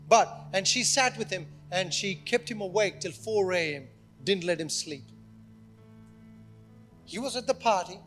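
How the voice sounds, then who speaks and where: A male pastor with a very high voice preaches at a church service, telling his story with lively energy. He acts out the voices of the people in the story as he goes. Soft music plays faintly behind him. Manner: animated storytelling, acting out quoted speech. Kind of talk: sermon.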